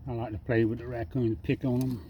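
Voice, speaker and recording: A man's voice: mid-range voice, little pitch movement, a little fast, warm tone, slight background noise. A man talking casually outdoors at night, coaxing and teasing an animal in a folksy, easygoing way. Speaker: backyard wildlife feeder. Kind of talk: casual talk to an animal while filming. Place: outdoors at night by a water drum.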